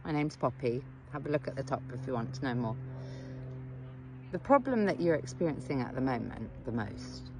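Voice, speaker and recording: A woman's voice: deep voice, very animated, a little fast, a little mellow, soft background music. A middle-aged woman, a therapist and coach, tells a story to the camera in a blunt, frank way, swearing casually and asking the viewer questions. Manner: direct address to the viewer with questions.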